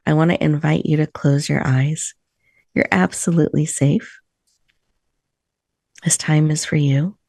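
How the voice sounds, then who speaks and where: Woman leading a breathing meditation on a video call, gentle, a little gravelly. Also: low voice, no room sound, clean studio sound. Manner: soft, slow, soothing guidance. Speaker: host. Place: virtual room, video call.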